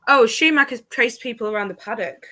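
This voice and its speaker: A young adult woman co-hosting a casual chat, excitable and swearing freely. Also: fairly high pitch, a little fast. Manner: excitable, laughs easily, swears. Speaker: livestream co-host.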